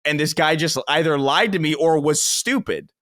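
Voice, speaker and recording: A man's voice: on the high side, moderate pace, a bit bright, no echo, studio quality. A man from the Bronx telling rambling, self-mocking stories as a guest on a casual podcast, cursing freely.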